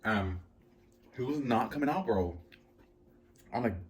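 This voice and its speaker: A man's voice: lowish voice, expressive, normal speed, long pauses, slight background noise. A man vlogging at home, telling a long story in a casual, rambling way with lots of fillers. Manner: rambling, filler-heavy, anxious retelling. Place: at home, indoors.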